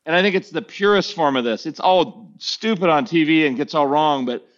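A pastor in his fifties, a guest on a podcast, telling stories in a lively, casual way and acting out other people's lines. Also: on the high side, normal speed. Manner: animated storyteller who acts out other people's lines. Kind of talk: casual storytelling conversation. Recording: dull lo-fi podcast audio.

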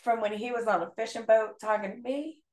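A woman's voice: on the high side, fairly even intonation, a little fast, a little mellow. Reflective woman teacher, roomy echo. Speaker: podcast guest and teacher. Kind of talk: casual podcast conversation. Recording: roomy echoey sound.

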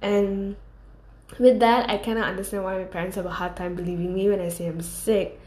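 A woman's voice: medium pitch, fairly even intonation, a little fast, a little mellow. A young woman telling a casual storytime monologue, rambling and candid, with lots of fillers. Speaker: vlogger. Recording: roomy echo.

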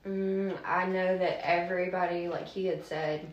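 A woman speaks candidly and casually as a guest, with a slightly low voice. Her voice carries a noticeable echo from the room. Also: steady tone, a little slow, dull audio. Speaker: guest, pastor's wife. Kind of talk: testimony in casual conversation.

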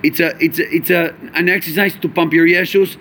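Man teaching a lively chassidic class. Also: a little high, brisk, slight background noise. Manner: animated, rhetorical questions, Yiddish and Hebrew terms. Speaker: Torah teacher.

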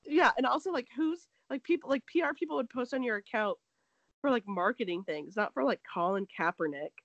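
A woman's voice: on the high side, a little fast, dry recording, muffled recording. Chatty woman retelling gossip. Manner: animated storytelling, acts out quotes, heavy "like". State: sick. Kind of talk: casual gossip chat.

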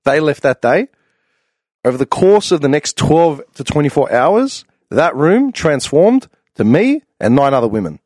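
A man telling a long, animated travel story in casual chat, slangy and swearing freely. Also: on the high side, a little slow, no echo, clean studio sound.

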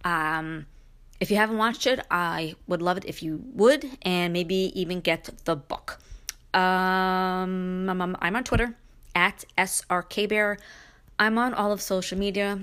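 A woman's voice: medium pitch, fairly bright tone. A middle-aged woman hosting her own podcast, talking casually in a rambling, chatty way full of fillers and restarts. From Brooklyn, New York. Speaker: podcast host. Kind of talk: casual solo podcast monologue.

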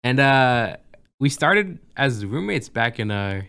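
A man's voice: medium pitch, sing-song, slow, gravelly, bright, forceful tone, clean tone. A young man in a college dorm room, co-hosting a podcast in a laid-back, slangy way. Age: young adult. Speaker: podcast co-host. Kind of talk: casual chat.

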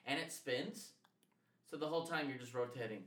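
A young man in his twenties chats casually on a podcast, his voice bright and forceful. He swears freely and laughs as he tells his stories, and the room sounds echoey around him. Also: mid-range voice, fairly quick, recorded from a distance. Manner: profane, laughing storytelling. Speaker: podcast co-host. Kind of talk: casual chat.

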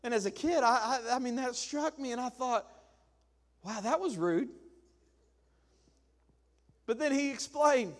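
High-voiced preacher in a reverberant church. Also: male voice, unhurried, pauses often. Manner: conversational preaching with humorous acted-out quotes. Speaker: pastor. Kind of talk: sermon. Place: church sanctuary.

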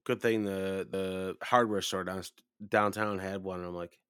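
A man around thirty telling a long, profane story in casual chat, rambling and then rising loud and high when he rants. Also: fairly even intonation, unhurried, smooth, dry recording, studio quality. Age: 30s.

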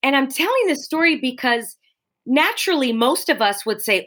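Bright, lively-voiced woman telling stories. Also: high-pitched, brisk. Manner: animated storyteller, acts out quoted voices. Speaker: spin class instructor. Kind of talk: casual podcast chat.

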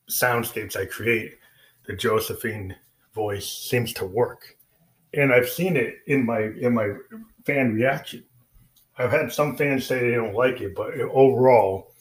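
A man who is a musician, talking casually and rambling about his music with many fillers and restarts. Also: fairly low pitch. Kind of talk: casual spoken explanation.

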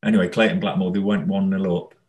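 Low-pitched male ex-player, rambling anecdotal guest, laughs mid-story. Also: little pitch movement, fast, a little mellow, poor audio. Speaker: former footballer guest. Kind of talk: casual storytelling interview.

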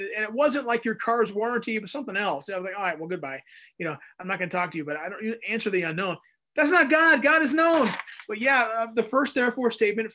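A man preaching a conversational Bible teaching, animated and acting out little voices as he goes. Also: high voice. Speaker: pastor. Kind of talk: expository sermon.

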